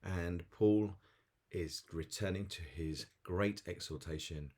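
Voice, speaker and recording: A man's voice: low voice, slow pace, a little mellow. A man giving a daily devotional talk as a pastor, earnest and storytelling with small chuckles.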